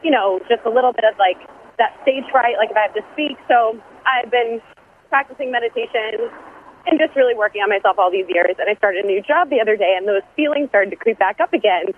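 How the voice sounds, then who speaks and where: A woman's voice: a little high, fairly quick, slight background noise. A woman from Boston leaving an earnest, chatty voicemail for a podcast. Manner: chatty, earnest, uses fillers. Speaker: caller. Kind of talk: voicemail message. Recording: tinny phone line.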